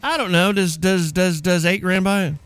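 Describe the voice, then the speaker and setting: A brash, high-voiced man with a drawl hosts a radio talk show. He jokes and teases in loose, casual banter while music plays faintly underneath. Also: fairly even intonation, normal speed, fairly bright tone, smooth, no echo. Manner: brash, joking, teasing.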